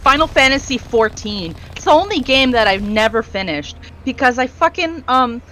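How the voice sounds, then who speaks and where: A woman's voice: fairly high pitch, animated, moderate pace, fairly bright tone. A woman co-streaming a game who talks in a blunt, casual way and swears freely. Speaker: co-streamer reading chat. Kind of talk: casual live-stream chat.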